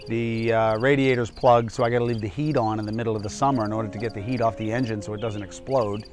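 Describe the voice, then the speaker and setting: A man's voice: on the low side, fairly even intonation, fast, a little mellow, faint music behind. A man in his fifties, a doctor and public speaker, telling a personal cautionary story in an emphatic, candid, conversational way.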